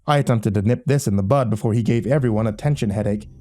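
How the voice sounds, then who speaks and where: A man's voice: fairly low pitch, fast, warm tone. A man narrating a first-person horror story in a wry, dry audiobook style.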